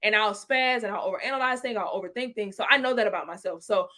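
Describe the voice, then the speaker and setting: A woman co-hosting a casual podcast, talking through tips in a lively, informal way and laughing often. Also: medium pitch, quick pace. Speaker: podcast co-host.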